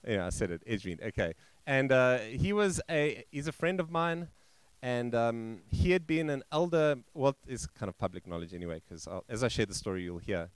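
A male pastor telling a story in a sermon, halting and restarting, and acting out the quoted voices. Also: medium pitch, expressive, clean tone, dry recording. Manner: halting, with frequent restarts and fillers. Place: church.

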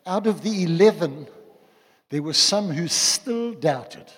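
Male preacher, husky and kinda high, joking around with the church, big hall echo. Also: slow. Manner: animated, joking with the congregation. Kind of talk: sermon. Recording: long hall reverb.

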